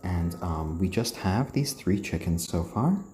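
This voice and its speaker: Brief: male live-stream host, gentle and soothing, mellow low tone, roomy echo, faint crickets behind. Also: slight background noise. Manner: soft, slow, soothing voice used to calm the chickens. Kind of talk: casual live-stream chat, reading out viewer comments. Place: indoors, roomy.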